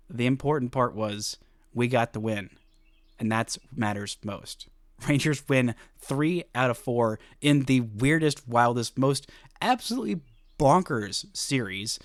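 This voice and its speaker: Male sports podcast host, casual and animated, self-mocking with frequent laughs, mid-pitched, close dry mic. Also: no room sound.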